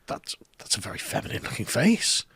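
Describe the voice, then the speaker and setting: A man's voice: brisk, fairly bright tone, no echo, studio quality. A man giving a dismissive commentary in an online video.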